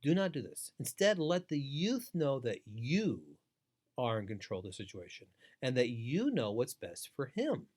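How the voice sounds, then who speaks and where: A man lectures in a training webinar with an animated, wide-ranging voice. He is emphatic and instructive, repeating key phrases to drive them home. He sounds middle-aged and speaks as an experienced trainer. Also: mid-range voice, normal speed, husky. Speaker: foster care trainer.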